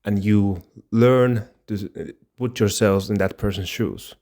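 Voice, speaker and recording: Low-voiced man musing on a podcast. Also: measured pace, warm tone. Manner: rambling, with restarts and laughs. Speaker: podcast co-host. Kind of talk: casual chat.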